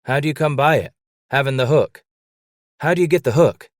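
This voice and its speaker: A man voicing a rough frontier trapper who growls and curses bluntly. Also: mid-range voice, fairly quick, dry recording, clean studio sound, pitched above the performer's own voice, lightly acted. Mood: gruff. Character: gruff, cursing trapper roused from sleep.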